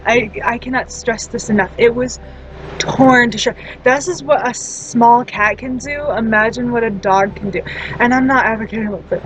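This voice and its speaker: Woman in her twenties, higher pitch, chatty self-mocking storyteller; vehicle noise audible in the background. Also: low-quality recording. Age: 20s. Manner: laughs often, self-deprecating. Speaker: storytime vlogger. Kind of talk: casual rambling storytelling.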